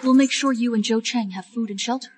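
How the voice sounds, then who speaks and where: An actress playing a cold, scheming woman in disguise in an animated drama, lecturing in a scornful tone. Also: a little high, fast, breathy edge, poor audio.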